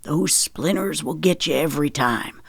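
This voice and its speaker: Woman voicing a gentle, sheepish older dad. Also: low voice, moderate pace, breathy edge, no room sound. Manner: soft, soothing tones.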